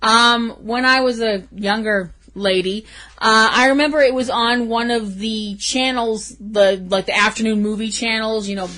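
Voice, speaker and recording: A woman's voice: on the high side, fairly even intonation, a little slow, bright, forceful tone. A woman co-hosting a podcast, ranting emphatically in a casual movie review chat. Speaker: podcast co-host.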